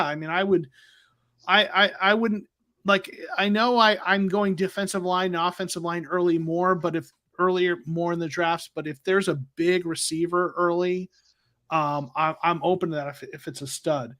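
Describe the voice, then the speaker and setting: A man's voice: high-pitched, steady tone, moderate pace, pushed and bright. A man hosting a casual livestream, rambling with fillers and restarts as he goes. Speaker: livestream host. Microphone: new microphone.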